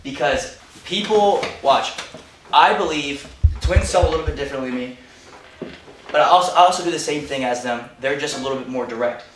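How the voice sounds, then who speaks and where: A man in his twenties leading a sales training for his team, talking fast and punchy. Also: a little high, fairly bright tone. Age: 20s. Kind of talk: live sales training talk. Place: meeting room with team. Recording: echoey room, mic far off, background noise.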